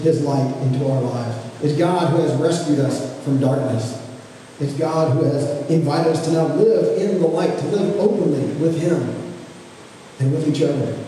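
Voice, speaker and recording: A man in his thirties preaching a conversational sermon as pastor, gentle and unhurried, often restarting his phrases. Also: a little high. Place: church sanctuary. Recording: echoey hall, from far off, faint noise.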